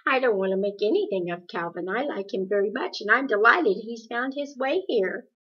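A woman voicing a calm, gentle middle-aged mother who speaks softly and reassuringly, in a dull lo-fi recording. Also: fairly high pitch, normal speed, slightly rough.

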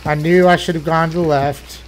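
A man's voice: a little high, fairly even intonation, brisk, background noise. A man playing a horror game, talking to himself nervously with jumpy exclamations. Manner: nervous running self-talk, jumpy exclamations. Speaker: gaming let's player.

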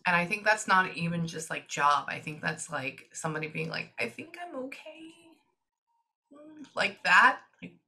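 A woman working as a psychic medium, giving a reading to a client and relaying messages in quick, chatty asides. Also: fairly low pitch, sharp tone.

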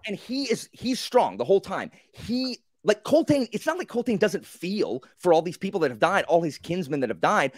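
A man in a casual group book discussion, telling the story with animated, acted-out reactions and many fillers. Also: high-pitched, no echo, studio quality.

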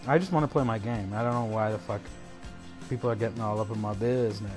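A man's voice: lowish voice, quick pace, music in the background. A man ranting aggressively on a livestream, swearing constantly, taunting, and mumbling asides. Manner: breaks into chuckles, mumbles asides. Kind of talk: profane livestream rant.

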